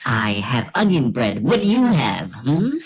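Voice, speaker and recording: A man's voice: medium pitch, wildly swooping pitch, unhurried, breathy edge, full character voice. A man putting on a gloating alien that taunts Earthlings, his voice run through a voice changer. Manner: gloating, mocking.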